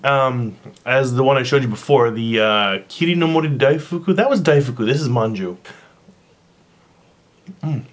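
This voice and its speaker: A man casually chatting while tasting and describing a snack for his vlog, recorded on a camera mic at home. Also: medium pitch. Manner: chatty, rambling, eats on camera. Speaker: vlogger.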